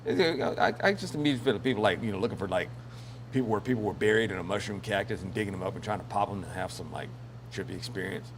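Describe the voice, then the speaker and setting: A man's voice: lowish voice, expressive, fast, slight background noise. Joking rambling male commentary host. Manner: rambling and joking, many fillers, laughs often. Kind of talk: casual news commentary.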